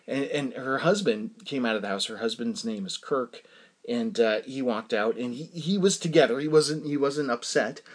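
A man in the middle of a casual personal story, circling back on himself and restarting his sentences as he goes. His voice sits at an ordinary middle pitch for a man. The delivery is loose and unhurried, like someone chatting straight to his followers. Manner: rambling, halting, many restarts.

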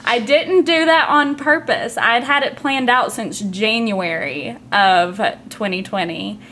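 A woman's voice: on the high side, slow, fairly bright tone, slight background noise. A woman from southeastern Kentucky with a Southern drawl, chatting casually as a podcast guest, with many fillers. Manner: chatty, uses fillers, says y'all. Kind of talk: casual conversation.

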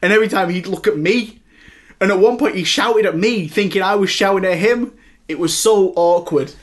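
A young man hosts a casual podcast chat, his voice sitting a little high for a man. He tells stories with animation and slips into loud impressions of other people. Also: moderate pace. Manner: animated storyteller, mimics people loudly. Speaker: podcast host.

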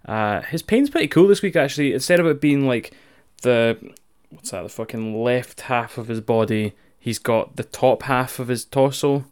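A man's voice: medium pitch, moderate pace, few pauses, smooth. Ranting Scottish man recapping wrestling. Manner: profane, animated, ranting. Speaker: podcast co-host. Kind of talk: casual wrestling recap chat.

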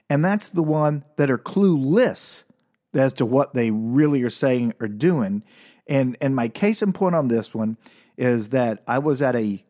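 A man's voice: mid-range voice, darkish tone. A man hosting a casual comedic monologue, rambling and self-deprecating, with frequent restarts. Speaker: podcast host.

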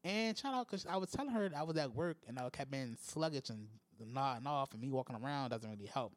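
A man's voice: a little fast, dry recording. A man hosting a podcast, venting in a casual, profane solo rant with big swings in tone. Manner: profane, exasperated venting with lively pitch swings. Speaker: podcast host.

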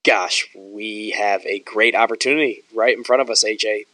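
A man's voice: fairly low pitch, fairly even intonation, normal speed, pushed and bright, dry recording, rough recording. A man co-hosting a sports podcast, casually running through team news and leaning on "obviously" as a filler. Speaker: podcast co-host.

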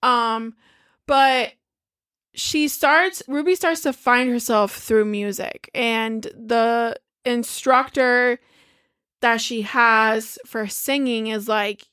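A woman in casual chat, retelling a movie in a lively way, swearing freely and acting out the characters' lines. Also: a little high, slow pace, clear, resonant tone. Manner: animated storyteller, swears freely, acts out quotes.

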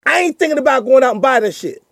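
A man in his fifties talks quickly in a high voice, pressing his point on a comedy panel. He keeps cutting in and slips into the voices of the people he quotes. The sound is close and dry. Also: no room sound. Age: 50s. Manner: animated, emphatic, interrupts to argue. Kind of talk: casual panel chat.

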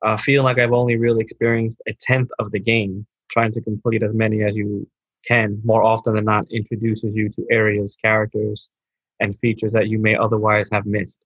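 This gaming podcast co-host is laid-back, chatting casually and reading a message from a listener while saying "bro" and slurring over restarts. He speaks at a moderate pace in a husky, low-ish monotone, recorded without echo through a dull lo-fi mic.

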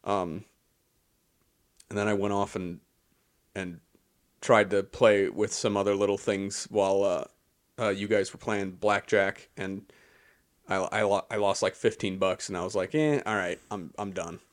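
A man's voice: fairly low pitch, flat delivery, a little slow, long pauses. A young man co-hosting a podcast, chatting in a rambling, easygoing way with restarts. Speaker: podcast co-host. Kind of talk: casual chat.

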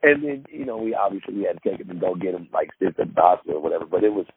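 Deep-voiced man telling stories over a tinny line. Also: rapid-fire. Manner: rambling, many fillers and restarts, acts out quotes. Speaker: podcast guest, former pro basketball player. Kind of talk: casual storytelling. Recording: tinny phone-like line with faint noise.

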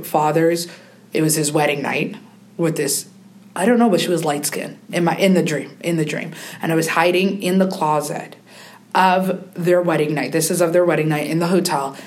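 A young woman with a fairly low voice shares a candid, emotional story as a podcast guest. Her delivery is animated and she mimics the voices of family members as she talks.

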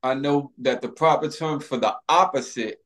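A man's voice: medium pitch, normal speed, fairly bright tone. A man from Baltimore, a podcast guest, talking casually about a horror film with slang and stammered restarts.

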